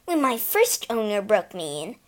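A woman's voice: medium pitch, very animated, normal speed, close to an everyday voice. A woman voicing a bitter, hurt young mare in a storybook, speaking in a sullen, resentful way. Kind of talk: storybook reading.

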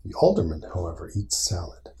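A man reading a picture book aloud to his small child at bedtime, gentle and patient, stopping to answer questions. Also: low voice, wildly swooping pitch, fairly quick. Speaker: father reading a bedtime story.

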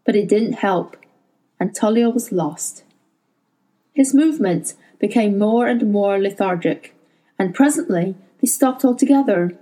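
Woman narrator, audiobook reading, warm mellow tone, measured delivery. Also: mid-range voice, rough recording. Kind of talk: reading a novel aloud.

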